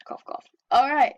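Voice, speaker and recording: A young woman chatting casually while playing an online game and reading its messages aloud. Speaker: gameplay vlogger. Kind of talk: casual gameplay commentary. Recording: dull lo-fi sound.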